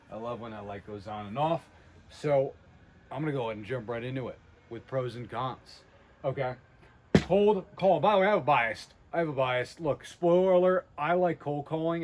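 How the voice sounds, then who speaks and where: An energetic man explains his sales views straight to the camera in a casual, blunt way, often cutting into his own sentences. His voice sits at an ordinary middle pitch. A faint background noise runs under the recording. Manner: energetic, blunt, self-interrupting. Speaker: sales trainer. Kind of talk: casual whiteboard talk to camera.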